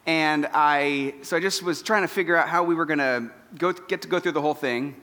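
A man's voice: a little high, fairly quick, bright, forceful tone. A man speaking as a pastor, delivering a candid, self-deprecating, emotional sermon to his congregation. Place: church auditorium. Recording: long church hall reverb.

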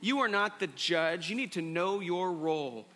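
A male pastor delivers an earnest sermon in a high, bright voice. He repeats key phrases to drive them home. The sound carries a long hall reverb with faint music underneath. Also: animated, normal speed.

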